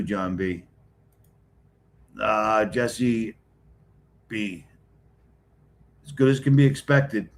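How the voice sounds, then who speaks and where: Blunt wisecracking middle-aged guy from boston, low voice, chatting with his live stream viewers. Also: a bit bright. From Boston area, New England. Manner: blunt, wisecracking, talks straight to chat. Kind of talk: casual live-stream chat, greeting commenters.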